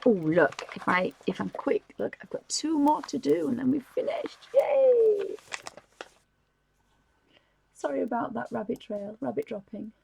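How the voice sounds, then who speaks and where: A woman's voice: a little high, animated, fairly quick, creaky, hardly any pauses, a little mellow, slightly rough, poor audio. A woman, chatting casually and giggling as she hosts a live stream. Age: 50s. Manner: chatty and giggly, rambling with restarts. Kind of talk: casual chat, showing things to camera.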